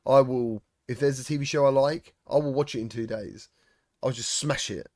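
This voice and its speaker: A middle-aged man hosting a podcast, chatting casually and telling animated stories. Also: medium pitch, normal speed, dry recording, clean studio sound. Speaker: podcast host. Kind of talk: casual chat.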